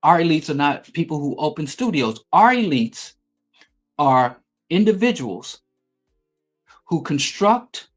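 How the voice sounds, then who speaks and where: A man's voice: on the high side, big pitch swings, a little slow, long pauses, faint music behind. A middle-aged man hosting a talk show, delivering an emphatic, profane political monologue. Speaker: podcast host.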